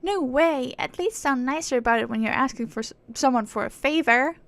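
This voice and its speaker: A small, sassy female companion creature from a fantasy game, quick to call others out, as a woman reads her lines. Her voice sits a little high with a gravelly fry. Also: fairly bright tone. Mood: indignant. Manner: blunt, indignant.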